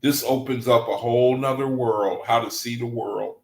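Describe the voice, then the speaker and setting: A man reading aloud to a study group and commenting, excitable and gushing with exclamations. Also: mid-range voice, moderate pace, creaky, roomy sound, low-quality recording.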